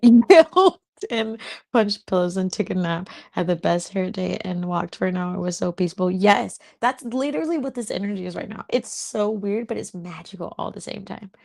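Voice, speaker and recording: A woman with a low, darkish voice full of gravelly fry hosts a relaxed livestream, laughing a lot as she responds to viewers. Her manner is giggly, like a spiritual host hanging out with friends.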